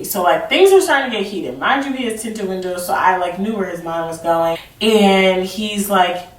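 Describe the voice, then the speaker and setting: An animated young woman with a medium-pitched voice and moderate pace tells a goofy, chatty storytime vlog heavy on "like," calling herself awkward and goofy. The distant mic makes it roomy, with a little hiss or hum.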